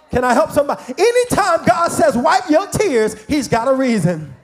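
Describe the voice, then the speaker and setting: High-pitched, lively preaching man. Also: normal speed. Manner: emphatic call-and-response preaching, sings and shouts phrases. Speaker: bishop preaching. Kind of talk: sermon.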